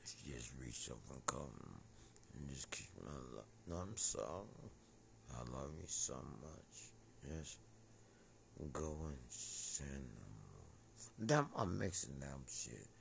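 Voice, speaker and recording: A man talking in a rambling monologue that drifts between topics, swinging from loud outbursts to low mutters. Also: big pitch swings, unhurried, vocal fry, slight background noise.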